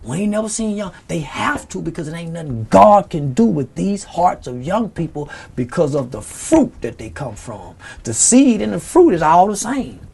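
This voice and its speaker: A man's voice: on the high side, very animated, normal speed, creaky, hardly any pauses, darkish tone, slightly rough. Profane, preachy man ranting in an interview. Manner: profane, preachy, impassioned, cites scripture. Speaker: interview guest. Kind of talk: heated, unfiltered interview rant.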